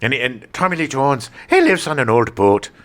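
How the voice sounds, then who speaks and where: A man on a film podcast with a lively voice that climbs and dips a lot as he jokes around. He sits at a middle pitch and tends to talk over his co-host in quick, casual banter. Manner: animated and jokey, talks over his co-host. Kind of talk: casual film-review chat.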